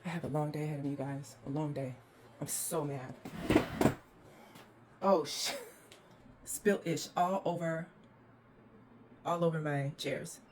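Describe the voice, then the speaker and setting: A woman's voice: low-pitched, steady tone, a little slow, long pauses, slight background noise. A woman hosting a walkthrough vlog, exasperated and ranting as she films indoors in a condo on a handheld phone. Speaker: host.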